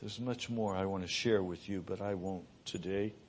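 A middle-aged man preaching a sermon, moving between raised, urgent delivery and hushed, soft passages. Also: low-pitched, fairly even intonation, normal speed, slight background noise.

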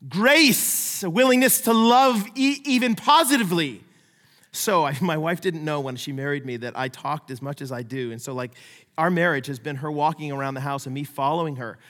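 At a normal speed, a middle-aged pastor with a high voice preaches conversationally and with energy, doing playful voices for those he quotes. His sermon echoes with the long reverb of a large sanctuary.

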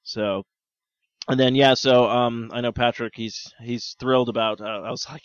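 A man's voice: medium pitch, moderate pace, clean tone, dry recording, dull audio. A man co-hosting a casual podcast chat, rambling and joking with lots of fillers.

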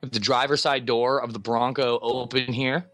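A man hosting a podcast in casual chat, excitable and joking, with quick asides. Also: mid-range voice, no echo. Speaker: podcast host.

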